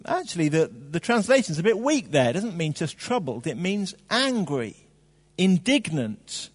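A man preaching a sermon in a conversational, animated way, with fillers and rhetorical questions. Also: high-pitched, slightly rough, big-room sound.

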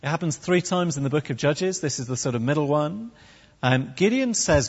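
A man preaching a sermon with a wry, animated delivery and humorous asides. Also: fairly high pitch, normal speed, husky. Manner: animated, wry, with comic put-on voices. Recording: dull recording in echoey hall.

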